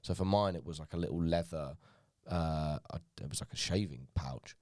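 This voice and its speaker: A man's voice: extremely low pitch, moderate pace, a little mellow, dry recording, clean studio sound. A man hosting a podcast, telling wry rambling stories in casual chat. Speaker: podcast host.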